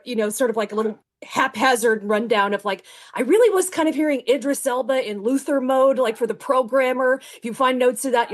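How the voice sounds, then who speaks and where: A woman author who first reads her acknowledgments and then talks casually in an interview, with frequent fillers and restarts. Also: a little high.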